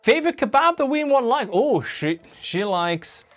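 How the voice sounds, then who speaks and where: A woman's voice: fairly high pitch, big pitch swings, moderate pace, soft background music. A woman live-streaming from a home room, chatting casually and reading viewer comments aloud as she answers them.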